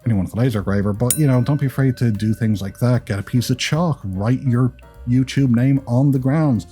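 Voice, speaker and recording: An Irish YouTube creator, his accent partly Americanized, offers creator tips in a chatty, rambling vlog full of self-deprecating jokes. His medium-pitched voice is mellow and fairly quick, with soft music in the background.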